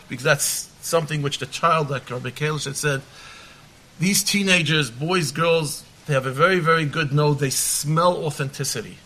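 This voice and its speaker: Rabbi guy on a panel, earnest, bright voice, bit high. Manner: earnest and measured, with restarts and Hebrew terms. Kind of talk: panel answer to a question.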